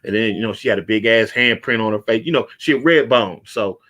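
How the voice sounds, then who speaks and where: A man's voice: on the low side, brisk, a bit bright. Guy hosting a talk show, telling a wild street story, acts out all the quotes. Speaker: podcast host. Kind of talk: casual storytelling chat.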